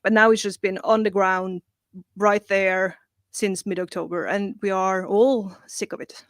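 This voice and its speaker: A woman, a comic writer guest, telling animated, profane, self-mocking stories in casual chat. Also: medium pitch, unhurried, dry recording.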